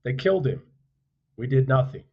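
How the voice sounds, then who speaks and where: A man's voice: mid-range voice, sing-song, normal speed. Blunt, profane man with dull sound. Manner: blunt, profane, emphatic with rhetorical questions. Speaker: podcast guest, author and former soldier. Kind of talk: forceful conversational storytelling.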